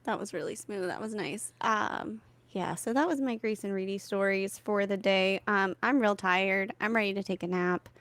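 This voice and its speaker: A woman in her thirties co-hosting a podcast, telling stories with lots of fillers and animated asides. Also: medium pitch, normal speed, no echo. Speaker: podcast co-host. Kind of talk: casual comedic chat.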